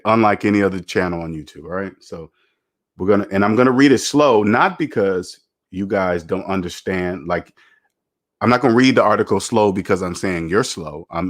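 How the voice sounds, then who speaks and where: A man hosting a casual finance livestream, lecturing emphatically and repeating his points. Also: low-pitched. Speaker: personal finance YouTuber.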